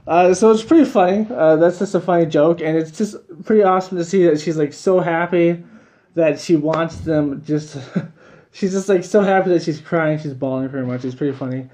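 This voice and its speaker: Guy with a high mellow voice rambling thru a cartoon episode review, repeats himself a lot, chuckles here n there. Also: normal speed. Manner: rambling, repetitive, chuckles between points. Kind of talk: casual video review.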